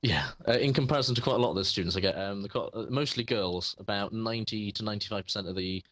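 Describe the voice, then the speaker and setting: A man's voice: fairly low pitch, fast talker, a bit bright, no room sound. A man who runs a computer repair shop, telling a story in casual chat with lots of fillers and restarts. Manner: rambling, hesitant storytelling with many fillers. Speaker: computer repair shop owner, podcast co-host.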